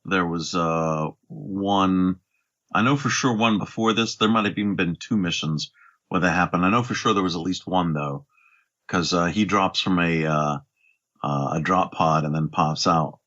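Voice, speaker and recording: A man's voice: sits low, normal speed, fairly bright tone, dull audio. A man co-hosting a podcast, chatting casually about a game in an easygoing way, hedging with fillers. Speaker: podcast co-host.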